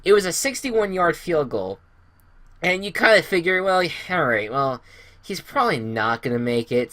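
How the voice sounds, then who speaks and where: A man's voice: fairly high pitch, expressive, normal speed, a bit bright, dry recording. A man hosting a casual sports podcast, rambling through game recaps with many fillers and restarts. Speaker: podcast host.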